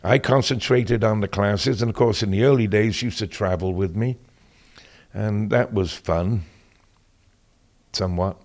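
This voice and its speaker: A man's voice: on the low side, measured pace. Older British man telling easygoing anecdotes. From Britain. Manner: relaxed storyteller, chuckles, clears throat, fillers like "you know". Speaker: podcast guest. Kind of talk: casual anecdotal interview talk.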